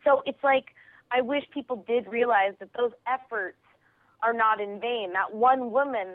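Her voice sits on the high side and comes through thin and tinny, like a phone line, with no room sound. A comedian and actress guesting on an interview, she tells an animated story with big energy, laughing quickly and doing the voices of people she encountered.

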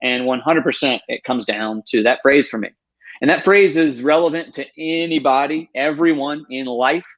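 A man in his thirties, a guest in a storytelling interview, tells his story with earnest emphasis, quoting what he said to himself. His mid-range voice is fairly bright and runs at normal speed. The recording sounds dull and lo-fi.

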